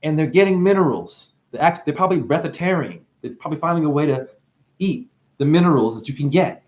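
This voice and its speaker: A man's voice: fairly high pitch, expressive, a little fast, a little mellow. A man giving a rambling spiritual monologue, free-associating with wordplay, swearing often and breaking into laughter. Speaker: self-styled spiritual teacher.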